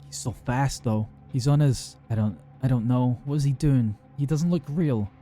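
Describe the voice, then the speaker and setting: A terrified young woman, as a male narrator puts her on, stammers out broken, panicked phrases while she runs. The tone stays dark and mellow, with faint music beneath a horror storybook reading. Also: mid-range voice, moderate pace, natural voice. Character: frightened young woman fleeing a pursuer at night.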